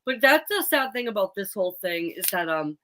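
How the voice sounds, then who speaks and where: A woman's voice: mid-range voice, very animated, brisk, a bit bright. A woman co-hosting a podcast, chatty and emphatic in casual conversation. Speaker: podcast co-host. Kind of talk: casual chat.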